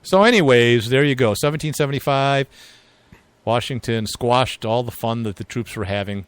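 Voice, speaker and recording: A man's voice: medium pitch, normal speed, clear, resonant tone, dry recording. A man co-hosting a casual political chat show, rambling with fillers and frequent asides. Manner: rambling, chuckling, filler-heavy. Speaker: podcast co-host.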